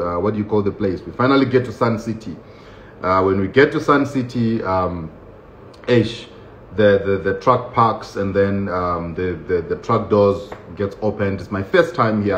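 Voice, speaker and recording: A man casually telling a story about his own experience, lively and laughing often, acting out the voices of the people in it. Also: on the low side, a little hiss or hum. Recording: roomy, dull lo-fi sound with faint ambience.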